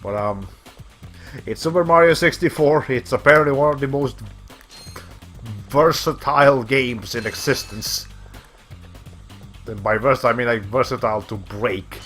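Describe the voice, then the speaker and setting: A man streaming a video game in a medium-pitched voice that is going hoarse as he loses it. He rambles and thinks aloud between moves and swears casually. Game music plays faintly behind him. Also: normal speed, a bit bright. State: losing his voice. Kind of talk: casual let's-play commentary.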